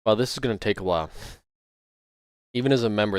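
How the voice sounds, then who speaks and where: Low-voiced man joking through a livestream. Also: fast talker, clear, resonant tone. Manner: joking, teasing banter with chat; rambling, thinking aloud while playing. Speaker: gaming livestreamer. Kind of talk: casual gameplay livestream chat.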